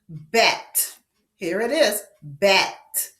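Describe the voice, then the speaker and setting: Slow, lively woman teaching phonics. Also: mid-range voice, reverberant. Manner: slow, exaggerated sounding-out of vowels; sing-song, encouraging. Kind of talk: teaching young children.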